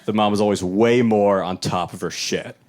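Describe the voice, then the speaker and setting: In a small club, a young adult comedian delivers a live stand-up set at normal speed in a lowish voice, chatting loosely and putting on animated voices for the people he quotes.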